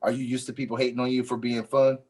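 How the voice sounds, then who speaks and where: A man's voice: medium pitch, flat delivery, fast talker, darkish tone. A man leading a mentoring workshop over a video call, emphatic and repeating his points, jokey at first, then earnest. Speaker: workshop facilitator.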